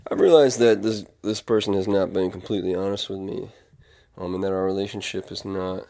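A man's voice: low-pitched, creaky, a little mellow. A man talking in a casual confessional monologue, rambling and earnest, with many fillers and restarts. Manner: earnest, reflective. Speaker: vlogger.

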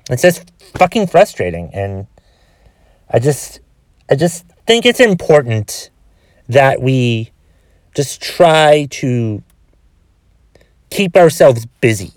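A man's voice: medium pitch, very animated, slow pace, pauses often, dry recording. A man with a cold hosting a solo podcast, frustrated and swearing heavily as he rambles with restarts. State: has a cold with a cough. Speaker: podcast host.

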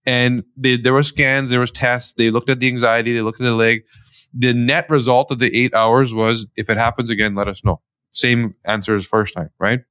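A man from Canada, a guest, telling a family story in lively conversational style with quoted dialogue. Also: medium pitch, moderate pace, clear, resonant tone, dry recording, studio quality. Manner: animated, tells stories with quoted dialogue. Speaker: guest, company founder.

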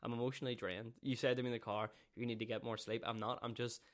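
A man's voice: mid-range voice, flat delivery, fast talker. A man co-hosting a casual podcast, rambling and swearing often as he jokes about himself. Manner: swears a lot, rambling and self-mocking. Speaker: podcast co-host. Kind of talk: casual chat.

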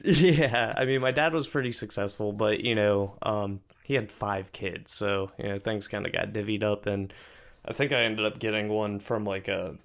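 Easygoing low-voiced man reminiscing. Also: creaky. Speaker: podcast co-host. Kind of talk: casual chat.

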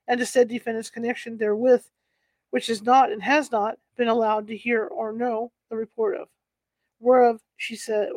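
A woman's voice: on the high side, a little mellow, no room sound. A woman reading a historical courtroom account aloud, stumbling over words and correcting herself as she goes. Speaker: narrator.

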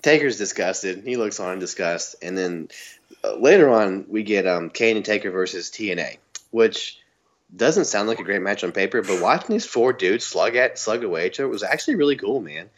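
A man's voice: fairly low pitch, expressive, moderate pace, lo-fi sound. A man from the US South co-hosting a podcast, chatting casually and laughing often. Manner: laid-back, laughs often, says "man" and "you know". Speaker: podcast co-host. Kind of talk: casual chat recapping wrestling.

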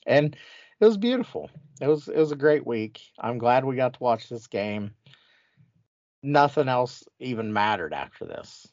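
A man trashes a team with crude, gleeful mockery, his voice sitting at a middle pitch. The sound is dry and a little dull, with no room around it. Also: a little slow, dry recording. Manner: mocking, crude, animated storytelling. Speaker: podcast host. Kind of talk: profane sports banter.

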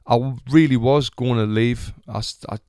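A man telling a story in a smooth Sunderland accent. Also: medium pitch, normal speed, mellow, dry recording, clean studio sound. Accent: Sunderland English. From England. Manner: chatty, swears freely, acts out the people in his story. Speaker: retired boxer telling a story. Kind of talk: casual storytelling.

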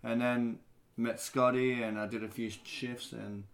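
A man from Australia with an Australian accent, a bartender guest chatting casually on a podcast in an easygoing way, pausing on fillers. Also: mid-range voice, level tone, vocal fry.

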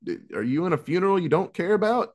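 A man's voice: high voice, fast. A man hosting a casual podcast, swearing often and rambling as he wraps up the show. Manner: profane, rambling, animated. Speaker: podcast host. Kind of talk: casual chat.

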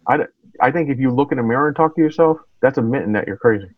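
A man's voice: medium pitch, quick pace, no room sound, narrow, tinny audio. A man who is a guest on a podcast, chatting casually in a plain, somewhat hesitant way.

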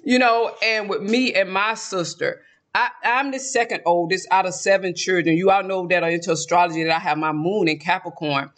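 High-voiced man with a Georgia drawl. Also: fairly quick, a bit bright. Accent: Southern US, Georgia. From South Georgia, US. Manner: rambling, laughs often. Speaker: vlogger. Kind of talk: casual chatty monologue.

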